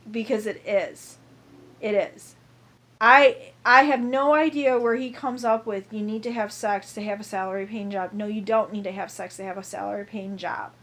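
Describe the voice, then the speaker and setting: A woman's voice: mid-range voice, a bit bright. A woman ranting to camera in a heated, profane monologue, repeating herself over and over.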